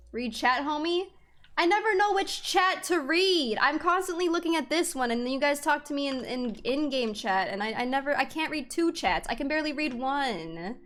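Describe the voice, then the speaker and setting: A woman's voice: on the high side, a bit bright. Giggly, chatty young woman streamer. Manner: chatty and giggly, talking to chat. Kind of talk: casual live-stream chat while gaming. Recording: faint music in background.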